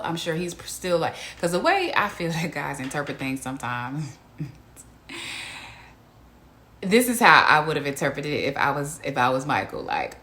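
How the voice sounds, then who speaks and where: A woman with a low, deep voice recaps a reality show in a casual, chatty way. She talks frankly, with plenty of slang, and acts out the people she retells. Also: pushed and bright.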